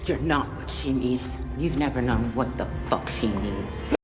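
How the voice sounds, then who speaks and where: A woman's voice: very deep voice, measured pace. An actress voicing a cold, contemptuous female alter ego in a TV drama clip, with music underneath. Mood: scornful.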